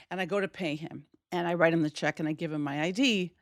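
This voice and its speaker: A woman's voice: on the low side, fast, few pauses, dry recording, studio quality. A middle-aged woman from Wisconsin telling a personal story, acting out the voices she quotes. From Wisconsin, USA. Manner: animated, acts out quoted voices.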